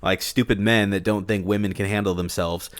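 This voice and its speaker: Excitable low-voiced man talking movies. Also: fairly quick. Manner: excitable, animated quoting of characters. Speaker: podcast co-host. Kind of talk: casual movie review chat.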